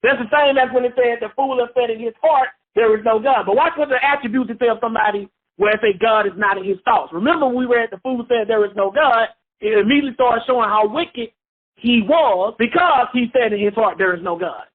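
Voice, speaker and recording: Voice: mid-range voice, a little fast. A Bible teacher leading a call-and-response study, repeating points and asking listeners questions. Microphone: phone. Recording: phone-line radio call.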